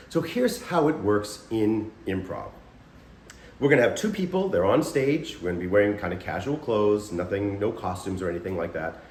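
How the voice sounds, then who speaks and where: A man, a scare actor, casually explaining acting techniques and briefly acting out lines in a raised voice. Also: fairly low pitch. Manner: animated, acts out short scene lines in a raised voice. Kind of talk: casual instructional talk to camera. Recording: roomy echo.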